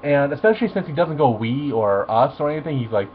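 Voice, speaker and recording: A man's voice: medium pitch, lively intonation, fast. A man ranting animatedly and profanely through a review of a superhero film. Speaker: movie reviewer. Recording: tinny phone-like audio with faint mains hum.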